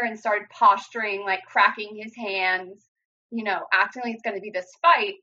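A woman's voice: mid-range voice, flat delivery, normal speed, pushed and bright. A young woman earnestly telling a personal story in a casual way, with many "like" fillers. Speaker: guest sharing her story. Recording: dull lo-fi audio.

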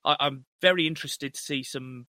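A young man chatting casually on a film podcast, sweary and animated, breaking into laughs as he goes. His voice is bright and forceful. The sound is dry and close. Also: mid-range voice, a little fast, no echo. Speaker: podcast co-host.

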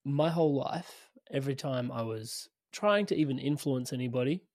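A man's voice: medium pitch, normal speed, darkish tone, no room sound, studio quality. A man hosting an interview podcast, casual and enthusiastic, laughing often as he talks. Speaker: podcast host.

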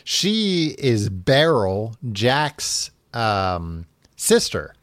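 Slow, rambling casual man. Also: lowish voice, very animated, no room sound, studio quality. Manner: loose, rambling, full of "like" and quick character asides. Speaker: podcast host retelling a book. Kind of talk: casual chat, paraphrasing the story.

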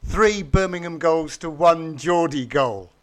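A man on a football podcast panel, full of teasing banter and animated jabs at the host. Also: on the high side, a little slow. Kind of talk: casual football podcast chat.

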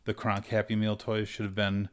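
A young adult man co-hosting a podcast in a relaxed, easygoing casual chat. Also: lowish voice, moderate pace, clean tone. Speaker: podcast co-host.

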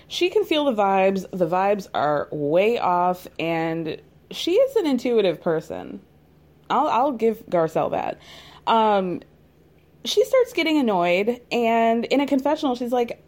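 A woman's voice: fairly high pitch, sing-song, a little slow, darkish tone. A young adult woman recapping a reality TV show in casual, gossipy commentary, laughing often and dropping sassy asides.

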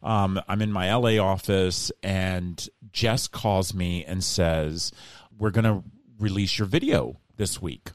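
A middle-aged man, a guest in a casual interview, telling a story in an animated way and acting out the voices of the people he quotes. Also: sits low, takes it slowly, no room sound, clean studio sound.

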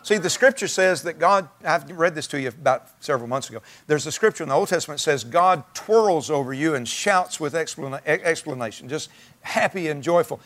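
A male pastor delivering a sermon in a relaxed, conversational manner, circling back and restarting as he thinks aloud. His voice sits a little higher than most men's. He speaks to his congregation in a church. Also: a little fast. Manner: conversational, folksy preaching with restarts.

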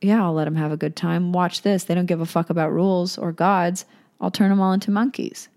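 A woman's voice: fairly low pitch, steady tone, fairly quick, darkish tone, lightly acted. A woman voicing a bitter, one-legged old male god who swears and rants in indignation. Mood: spiteful.

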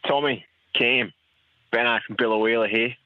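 A man's voice: medium pitch, fairly even intonation, moderate pace, dry recording, phone-quality sound. A man leaving a chatty, easygoing message for a podcast. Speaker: caller. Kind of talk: phoned-in voice message.

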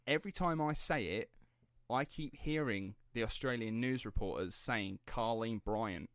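A man's voice: mid-range voice, moderate pace, fairly bright tone, no echo, studio quality. A young man hosting a casual true-crime podcast, chatty and rambling, swearing and laughing easily as he tells the story. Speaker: podcast host telling the story.

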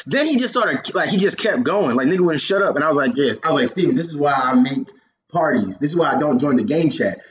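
A man's voice: fairly high pitch, fast. Profane young man telling gaming stories. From Georgia, US. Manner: animated storytelling, profane, laughs often. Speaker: podcast host. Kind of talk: casual chat.

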